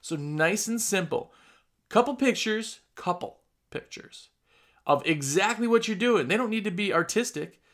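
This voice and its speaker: A man's voice: sits high, animated, a little slow, a bit bright. A man with a Midwestern accent, giving plain-spoken, emphatic business advice in a casual coaching talk. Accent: Midwestern American. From Wisconsin. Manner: emphatic, plain-spoken, acts out customer dialogue. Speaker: window cleaning business owner giving advice.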